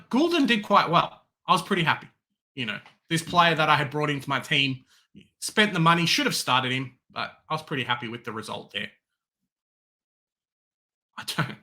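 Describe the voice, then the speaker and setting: Animated Australian man, bright voice. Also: medium pitch. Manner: animated, swings into loud excited outbursts and resigned mutters. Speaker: fantasy football podcast host. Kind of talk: casual sports chat.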